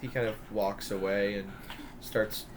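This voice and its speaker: A man's voice: on the low side, steady tone, a little slow, background noise. A man narrating as game master in a rambling, laughing way full of fillers.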